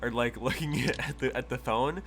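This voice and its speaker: A man's voice: medium pitch, normal speed, a bit bright, slight background noise. A man narrating as game master of a tabletop game, stammering and rambling as he retells what the characters say.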